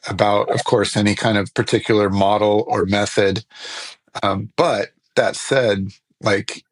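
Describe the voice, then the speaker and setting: A man's voice: lowish voice, no room sound, low-quality recording. A man hosting a podcast, responding to a guest in a thoughtful, affirming way with fillers and restarts. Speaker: podcast host. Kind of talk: podcast interview.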